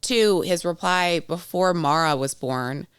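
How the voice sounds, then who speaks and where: A woman's voice: lowish voice, a little slow, clear, resonant tone, no room sound, studio quality. A woman in her thirties co-hosting a podcast, chatting casually and telling stories with quoted voices. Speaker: podcast co-host. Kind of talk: casual chat.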